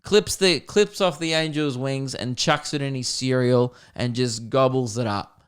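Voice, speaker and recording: A young man hosting a podcast, telling a comedic story in a casual, animated, self-deprecating way, with plenty of swearing. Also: mid-range voice, measured pace, clear, resonant tone. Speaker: podcast host.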